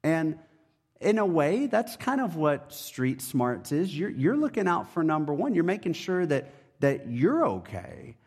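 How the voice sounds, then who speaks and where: A man preaching a sermon, first reading scripture aloud, then speaking in a measured way with frequent pauses and fillers. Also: fairly high pitch, sing-song, a little mellow, breathy edge. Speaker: pastor.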